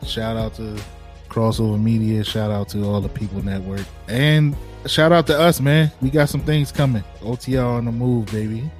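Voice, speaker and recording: A man's voice: on the low side, steady tone, moderate pace, darkish tone, soft background music. A man co-hosting a casual podcast, talking emphatically in slang and acting out quotes. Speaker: podcast co-host.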